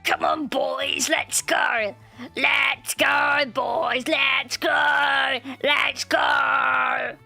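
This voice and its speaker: A woman voicing a rowdy, brawling male orc warrior who shouts battle cries in a rough put-on accent. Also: sits high, steady tone, drawn-out words, soft background music, exaggerated voice.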